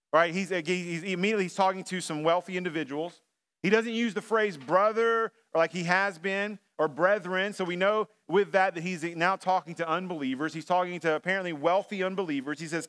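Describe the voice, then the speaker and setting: A man's voice: sits high, fairly bright tone, smooth. Man preaching a conversational sermon. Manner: conversational preaching with frequent fillers and restarts. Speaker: pastor. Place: church sanctuary.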